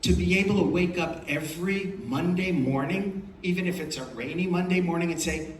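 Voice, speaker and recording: A man's voice: fairly high pitch, moderate pace, far from the mic, a little hiss or hum. Older man telling stories in an echoey hall. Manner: storytelling, emphatic, repeats phrases for effect. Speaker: film producer giving a festival talk. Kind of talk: motivational speech to an audience. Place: large hall at a festival.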